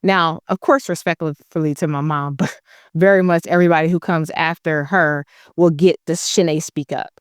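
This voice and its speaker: A woman's voice: low voice, fairly even intonation, normal speed, smooth, no echo, clean studio sound. A woman guest on a podcast, telling her own stories in a blunt, emphatic, candid way. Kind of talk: candid conversational storytelling.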